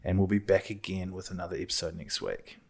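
A man hosting a podcast, asking questions in a relaxed, casual way and wrapping up the show. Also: low voice, fast talker, vocal fry. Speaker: podcast host.

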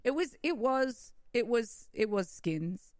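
A woman's voice: on the high side, lively intonation, slow, a little mellow, dry recording. A woman comedian on a podcast, telling rambling stories and making crude jokes. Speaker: comedian guest. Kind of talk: casual group chat.

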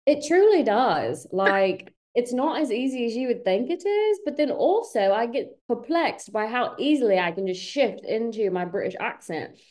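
Woman, podcast co-host, fairly high voice, very lively pitch, jokey storytelling. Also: normal speed, hardly any pauses. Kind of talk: casual chat.

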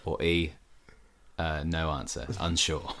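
A man's voice: rumbling low, slow, a little hiss or hum. A man co-hosting a comedy podcast, joking and laughing with friends. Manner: playful, lively, laughs often. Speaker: podcast co-host. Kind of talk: comedic casual chat.

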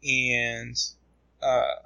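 Slow-talking man recapping a comic. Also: medium pitch, flat delivery, creaky, pushed and bright, smooth, dry recording, poor audio. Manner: rambling retelling with many fillers. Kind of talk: casual comic book recap.

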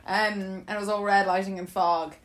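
A young woman telling a story in casual chat, animated and laughing often as she acts out what people said. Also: medium pitch, moderate pace.

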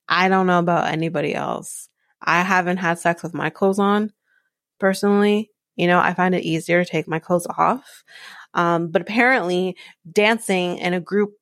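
A woman's voice: on the low side, fairly even intonation, normal speed, dry recording, clean studio sound. A woman hosting a podcast, recapping a reality show in a blunt, profane, exasperated rant. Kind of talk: casual solo recap.

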